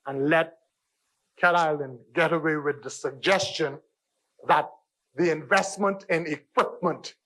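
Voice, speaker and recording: Man, Bahamian accent, parliamentary debate speech, high voice, forceful and insistent, repeats phrases for emphasis. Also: poor audio. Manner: emphatic, repeats "Mister Speaker" and phrases for stress. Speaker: member of parliament. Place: parliament chamber.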